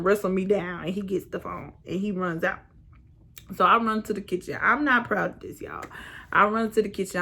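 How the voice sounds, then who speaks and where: A young woman vlogger telling a storytime tale in an animated, slangy, laughing way. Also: on the low side, vocal fry. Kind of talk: casual storytime.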